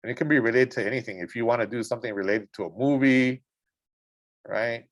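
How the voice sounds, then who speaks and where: An eager male teacher talks a class through pictures in a school art room. His voice sits at an ordinary middle pitch. He keeps pausing to admire things and to check that the students are following. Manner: enthusiastic, exclaims over images and keeps checking in with "right?". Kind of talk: casual classroom instruction while browsing images.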